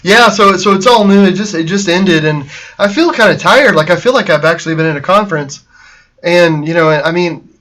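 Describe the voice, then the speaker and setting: A man's voice: sits high, brisk, a bit bright. A man hosting a casual show from his art studio, talking in a rambling way with many fillers and restarts. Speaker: painter and host.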